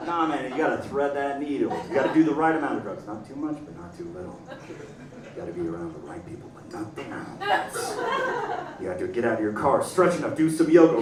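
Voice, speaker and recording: A young man doing a stand-up comedy set, animated, acting out voices and yelling punchlines. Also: on the high side. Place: comedy club stage. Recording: roomy club sound from a distance. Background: audience laughter.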